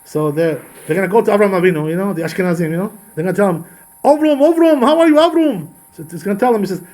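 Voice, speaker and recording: This is a man who teaches a Torah lesson at a brisk, rapid clip. His voice sits a little high for a man. He drives his points home with rhetorical questions and repetition. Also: a little mellow. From Georgia. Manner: emphatic, full of rhetorical questions and repeated phrases. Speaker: rabbi.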